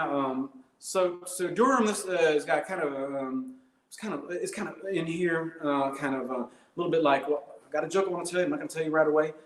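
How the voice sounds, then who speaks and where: A man's voice: fairly high pitch, fairly quick, fairly bright tone. A man doing rambling, hesitant stand-up comedy on a live stream, full of fillers and absurd bits. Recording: roomy echo.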